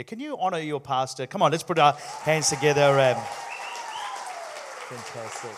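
A man's voice: medium pitch, normal speed, noisy background. A man from New Zealand with a Sri Lankan Kiwi accent, a jovial guest preacher giving a sermon. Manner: jovial, playful with the crowd.

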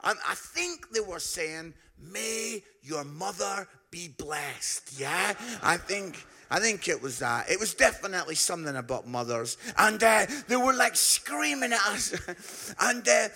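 Brief: Scottish male preacher, high and bright, chatty storyteller. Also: animated, normal speed. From Scotland. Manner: chatty, with frequent "yeah?" tags and asides. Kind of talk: humorous storytelling sermon.

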